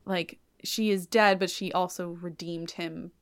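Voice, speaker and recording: A woman hosts a podcast in a chatty, animated way, walking through an opera story with plenty of "like". Her voice is smooth and clear. The sound is dry and close to the mic. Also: fairly low pitch, a little slow, no room sound. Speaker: podcast host. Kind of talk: casual retelling of an opera plot.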